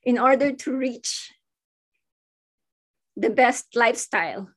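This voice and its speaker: A slow-speaking woman with a slightly high voice, talking over a video call. She speaks haltingly and with feeling, often restarting her sentences. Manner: halting, emotional, many restarts. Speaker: Filipino restaurant owner. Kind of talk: emotional online panel talk.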